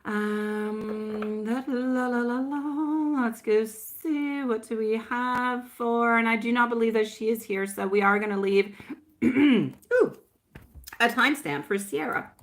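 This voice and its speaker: A woman's voice: on the high side, measured pace. A woman reading tarot on a live stream in casual chat, affectionate and laughing often, calling viewers my love and sweetie pie.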